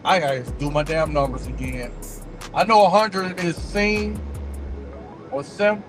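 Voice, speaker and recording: Slow-talking high-voiced man in his forties. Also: level tone, over music. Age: 40s. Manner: thinks aloud, slangy, mutters and sounds words out slowly. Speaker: vlogger. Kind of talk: casual chat while practicing languages.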